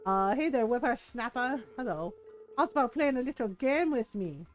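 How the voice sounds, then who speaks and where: A woman's voice: fairly high pitch, animated, normal speed, soft background music, natural voice. A woman reading a folksy, teasing old male villager from a video game aloud, with a drawling old-timer manner.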